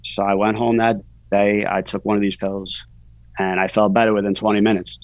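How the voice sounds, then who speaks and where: A man's voice: lowish voice, little pitch movement, a little fast, dry recording, poor audio. A man, a podcast guest telling his story candidly in casual talk, full of "you know" fillers. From New York.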